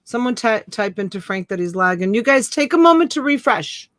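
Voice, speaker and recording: A woman hosts a live online reselling auction, bantering casually and greeting viewers by name with endearments like "honey" and "sweetheart." Her fairly high, bright voice is lively and fairly quick, captured dry and clean on a USB desk mic in a studio-quality setting.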